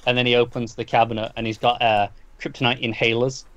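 A man's voice: medium pitch, level tone, fast, highs cut off, crowd noise. A man co-hosting a podcast, casually recapping a story at length with frequent restarts and repeated words. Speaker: comic book podcast co-host.

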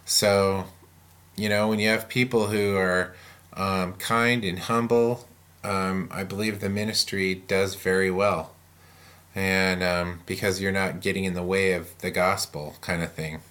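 A man with a fairly low voice talks casually as a pastor on a podcast. He is animated, acts out the voices of people he quotes, and breaks into laughter often. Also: unhurried. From Pacific Northwest US.

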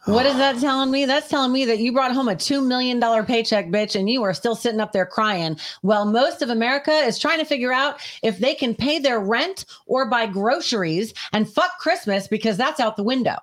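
A woman's voice: on the high side, a little fast, hardly any pauses. A woman co-hosting a podcast, blunt and sarcastic, swearing freely. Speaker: podcast co-host. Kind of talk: casual chat.

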